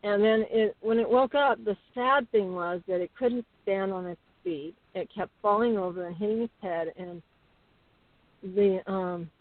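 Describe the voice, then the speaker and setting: A middle-aged woman telling homestead stories as a guest, chatty and animated with many fillers. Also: medium pitch, measured pace, no room sound. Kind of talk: casual interview storytelling. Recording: tinny phone-like call audio.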